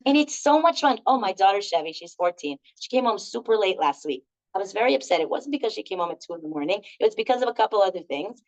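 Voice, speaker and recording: A woman's voice: medium pitch, lively intonation, quick pace. A middle-aged woman leading a live group workshop, telling stories in a chatty way with many fillers. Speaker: workshop leader. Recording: dull lo-fi recording.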